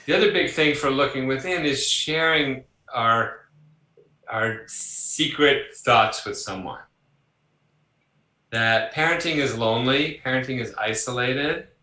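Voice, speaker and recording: The psychologist being interviewed has a medium-pitched voice and speaks a little slowly, in a roomy, rough recording. Animated and laughing along, he shares personal stories conversationally and performs the voices of those he quotes.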